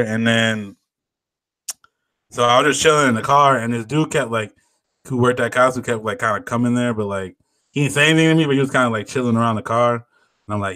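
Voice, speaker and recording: A man's voice: medium pitch, brisk, pauses often, sharp tone, no room sound. A young man on a podcast, casually telling a story with lots of slang and swearing. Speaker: podcast co-host. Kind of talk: casual chat.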